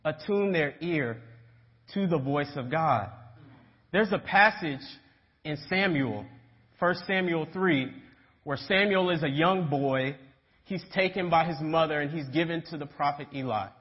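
A man's voice: on the high side, measured pace. A young man preaching a casual sermon, telling stories and checking in with his listeners. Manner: storytelling, checks in with "right?". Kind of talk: conversational sermon. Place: church sanctuary. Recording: dull sound with long church reverb.

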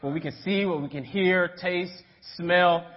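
High-voiced young preacher in a church. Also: male voice, a little slow. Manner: storytelling, checks in with "right?". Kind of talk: conversational sermon. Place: church sanctuary. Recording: dull sound with long church reverb.

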